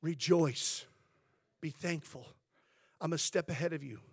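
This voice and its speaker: A pastor voicing a calm reassuring God. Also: male voice, on the high side, a little slow, gravelly, slightly rough, no echo, studio quality, pitched below the performer's own voice, exaggerated voice. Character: God speaking calmly to a man, male.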